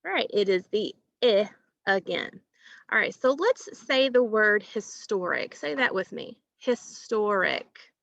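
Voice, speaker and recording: A woman teacher giving a recorded phonics lesson to children, asking questions and pausing patiently for answers. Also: mid-range voice, animated, creaky, a bit bright, dry recording, dull audio. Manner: slow, patient, asks questions and pauses for answers.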